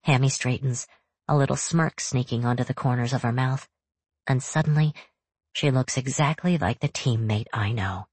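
A narrator reading a first-person novel in a steady, measured storytelling voice. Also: medium pitch, husky, dry recording. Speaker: audiobook narrator.

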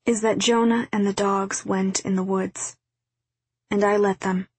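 A woman voicing a worried, wry teenage girl who talks softly in a novel reading. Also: mid-range voice, flat delivery, a little slow, breathy edge, no room sound. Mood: hushed.

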